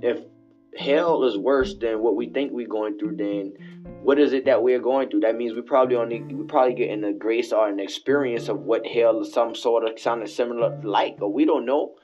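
This podcast host speaks at a medium pitch and moderate pace, his tone slightly mellow. He's by himself in his bathroom at home, delivering a rambling, preachy late-night monologue that keeps looping back on itself. Faint music sits under a dull, lo-fi home recording.

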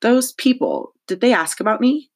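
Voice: medium pitch, huge pitch swings, normal speed, pitched above the performer's own voice. An audiobook narrator voicing a blunt, impatient young girl who hates mumbling.

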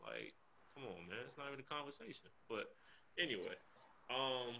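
A man's voice: medium pitch, animated, brisk, gravelly, sharp tone, a little hiss or hum. A man co-hosting a podcast in casual chat, laid-back, often repeating himself as he talks. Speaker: podcast co-host.

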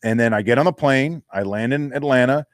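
A man's voice: medium pitch, fairly quick, no room sound, clean studio sound. A middle-aged man, a former football player, telling a story in a casual interview and acting out the voices he quotes.

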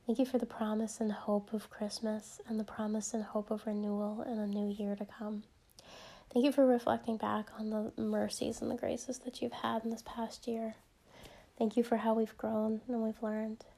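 A woman with a light Midwestern accent speaking a quiet, gentle prayer, unhurried and hushed. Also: fairly high pitch, little pitch movement, gravelly. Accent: Midwestern American. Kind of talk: soft spoken prayer.

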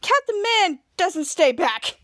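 A woman's voice: extremely high pitch, sing-song, takes it slowly, fairly bright tone, dry recording, clean studio sound, exaggerated voice. A woman voicing a cocky grown man who is a superhero, speaking in a boastful, commanding way.

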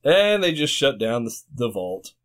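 A man's voice: mid-range voice, very animated, unhurried, fairly bright tone. A man casually chatting and joking while watching a film with a friend, laughing often. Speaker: co-host of a movie commentary. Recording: home room, TV audio.

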